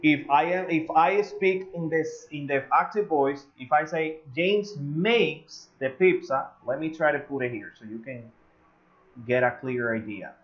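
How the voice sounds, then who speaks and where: A man whose first language is Spanish, teaching English grammar in an online lesson, slow and full of "eh" fillers, drawing out his example sentences. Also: fairly high pitch. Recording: slightly dull lo-fi audio.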